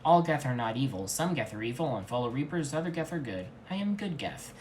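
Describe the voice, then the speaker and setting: A man's voice: mid-range voice, very animated, a little fast, darkish tone, lightly acted. Man doing a robot soldier, stiff, formal, pleading, comedic reading, faint hiss. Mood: meek. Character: meek male robot soldier.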